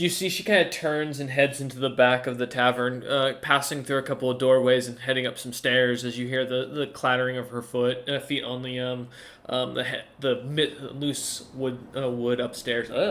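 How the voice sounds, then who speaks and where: A man's voice: medium pitch, fairly even intonation, normal speed, a bit bright. A man running a tabletop game as game master, narrating in a hesitant way full of fillers and restarts.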